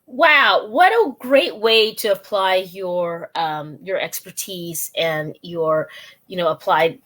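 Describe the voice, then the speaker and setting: A woman's voice: fairly low pitch, takes it slowly, fairly bright tone. A woman hosting an interview show who talks in an enthusiastic, rambling way, full of exclamations. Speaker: podcast host. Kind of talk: casual interview chat.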